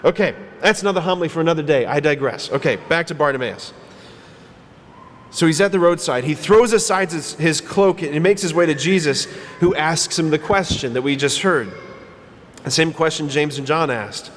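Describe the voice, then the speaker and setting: A man preaching a sermon as a priest, telling the story with animated retellings and acted-out quotes. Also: on the high side, moderate pace, big-room sound. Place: church.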